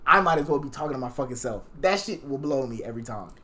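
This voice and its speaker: Animated young man telling a profane story. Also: mid-range voice, quick pace, crowd noise. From Jamaican. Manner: animated, profane, acts out quoted lines. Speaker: podcast guest. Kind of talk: casual storytelling chat.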